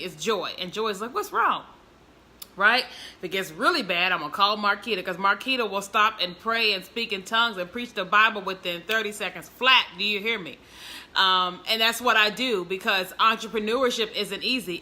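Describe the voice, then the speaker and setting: A woman talks straight to her followers on a livestream from home. Her voice is very bright and forward, at a middling pitch. She is chatty and expressive. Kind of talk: casual livestream talk.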